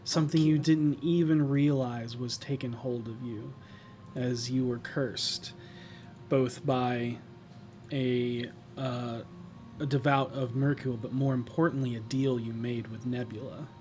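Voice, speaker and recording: A man narrating a tabletop game as game master, describing scenes slowly and thoughtfully with pauses. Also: mid-range voice, fairly even intonation, a little mellow, faint music behind.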